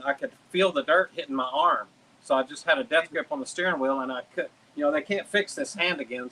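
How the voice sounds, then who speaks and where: A man, a drag racing driver and guest, telling a crash story in a lively, animated way and acting out shouted quotes. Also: mid-range voice, poor audio. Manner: animated, swears casually, acts out shouted quotes. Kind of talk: casual storytelling.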